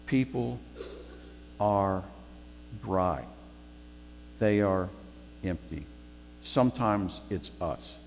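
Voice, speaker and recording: A man's voice: low-pitched, drawn-out words, gravelly, long pauses, in a large hall, slight background noise. A man giving a sermon as guest preacher, conversational, repeating phrases for emphasis.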